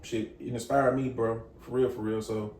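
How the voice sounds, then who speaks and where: A man co-hosting a podcast in a relaxed, casual chat, leaning on fillers. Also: mid-range voice, a crowd in the background. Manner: fast and relaxed, leans on fillers. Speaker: podcast co-host. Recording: echoey room, far from the mic.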